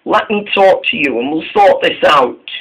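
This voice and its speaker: A man's voice: fairly high pitch, animated, moderate pace, fairly bright tone, husky, low-quality recording. A man doing a pleading, worried little engine. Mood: cross. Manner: pleading, repeats himself. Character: worried male diesel engine, eager to talk.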